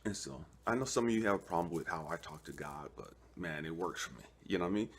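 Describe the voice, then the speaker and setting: A man's voice: low-pitched, fast, slight background noise. A man from California preaching casually to camera, telling stories with street slang and acting out both sides of a conversation. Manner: animated storytelling, acts out both sides of a talk; streetwise slang, keeps asking "you know what I mean". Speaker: online preacher.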